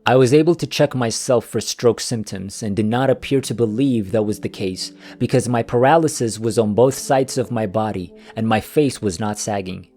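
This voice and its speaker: Low-voiced man narrating, calm and even. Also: moderate pace, hardly any pauses. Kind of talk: scripted narration of a first-person story. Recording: faint music behind the voice.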